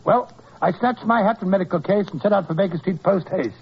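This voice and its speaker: An actor playing a kindly doctor who narrates and reassures, in a 1940s radio drama, speaking briskly. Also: male voice, high-pitched, husky. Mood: telling. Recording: dull lo-fi old radio recording.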